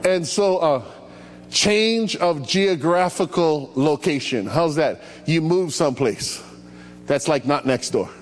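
A man preaching a sermon as pastor, animated and playful, calling out to his congregation and asking them to repeat after him. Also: fairly high pitch, slow. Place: church hall. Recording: echoey hall with faint hum.

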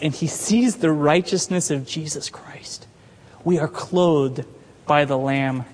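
A man's voice: on the high side, long reverb tail. A man preaching a sermon as pastor, talking conversationally and putting questions to the congregation.

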